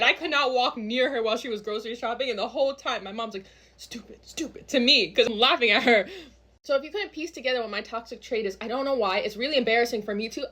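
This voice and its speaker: Fast-talking young woman, laughing storyteller. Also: fairly high pitch, breathy edge. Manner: animated, laughing often, slangy. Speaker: storytime vlogger. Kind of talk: casual storytelling to camera. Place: New York City.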